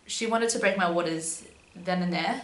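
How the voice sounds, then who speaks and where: A vlogger, young and female, tells a personal anecdote at a moderate pace in a fairly low voice. Her delivery is relaxed and conversational with lots of "um" and "but yeah," captured in an echoey space with a slight hum.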